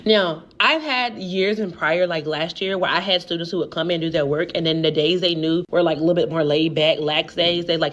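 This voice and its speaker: A woman's voice: fairly low pitch, fairly quick, few pauses, a bit bright, lo-fi sound. A woman teacher venting to camera in an exasperated, emphatic way.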